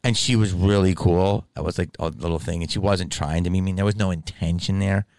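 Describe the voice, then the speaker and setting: A deep-voiced man with a gravelly edge talks in a loose, profane ramble. He tells stories from a convention in a casual monologue to camera, recorded dry and close with no room sound. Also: steady tone, brisk, a little mellow, dry recording. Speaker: stand-up comedian and convention guest.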